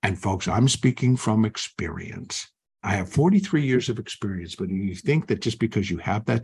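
An older man who teaches trading talks live in an animated way, acting out inner voices. His voice is fairly low, husky and marked by vocal fry.

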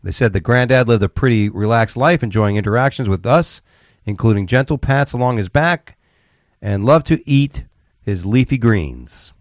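A man's voice: medium pitch, normal speed, no room sound, studio quality. A man co-hosting a talk show, reading odd news stories and bantering, rambling with restarts and tough talk. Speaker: radio show co-host.

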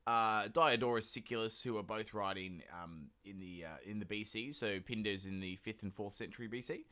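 A man's voice: fairly low pitch, moderate pace, sharp tone. A man hosting a history podcast, talking casually with lots of fillers and rambling asides. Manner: rambling, many fillers, jokey put-on voices. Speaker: podcast host.

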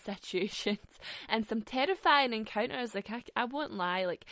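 A woman's voice: mid-range voice, vocal fry, a bit bright, no echo. A young Scottish woman hosting a podcast on her own, talking frankly and swearing freely, with frequent laughs. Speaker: podcast host. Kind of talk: casual solo podcast chat.

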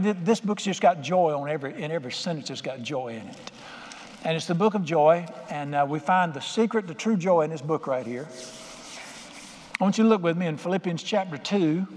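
A man's voice: on the high side, lively intonation, a little fast, darkish tone, a little hiss or hum. An older man preaching a sermon as pastor, folksy and conversational, acting out quotes in plain voices. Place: church sanctuary. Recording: reverberant hall with faint ambience.

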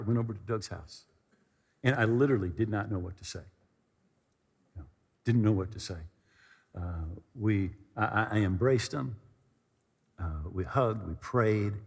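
Animated preacher in a reverberant hall. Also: male voice, on the low side, gravelly, husky. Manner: animated, repetitive, shifts from comic to earnest. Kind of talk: storytelling sermon. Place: church hall at a podium.

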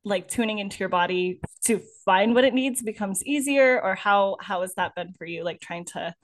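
A woman's voice: mid-range voice, normal speed. A woman hosting a podcast, upbeat and gushing, interviewing a guest with many fillers. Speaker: podcast host.

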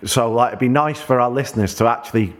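A man's voice: medium pitch, fast. A man co-hosting a podcast in an easygoing, matey casual chat. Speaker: podcast co-host.

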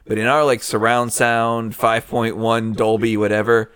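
A man's voice: medium pitch, flat delivery, measured pace, a bit bright, smooth, no room sound, studio quality. A man co-hosting a podcast, chatting casually about a movie, laughing often and slipping into jokey voices. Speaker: podcast co-host. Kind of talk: casual movie review chat.

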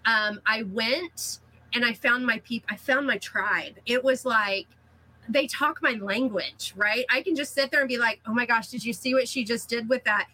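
Bright, slightly husky chatty woman. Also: on the high side, moderate pace, poor audio. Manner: chatty, laughing, animated retelling of anecdotes. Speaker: guest, cookie artist. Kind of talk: casual interview storytelling.

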